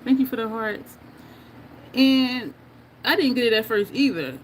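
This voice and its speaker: A woman's voice: on the high side, lively intonation, measured pace, a little hiss or hum. A woman hosting a casual makeup livestream, chatting, laughing often and reading viewer comments aloud. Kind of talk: casual livestream chat while doing makeup.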